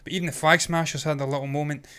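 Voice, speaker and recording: A man's voice: a little high, fairly even intonation, very fast, sharp tone, smooth. A man in his thirties co-hosting a casual review podcast, ranting animatedly and swearing freely. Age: 30s. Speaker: podcast co-host.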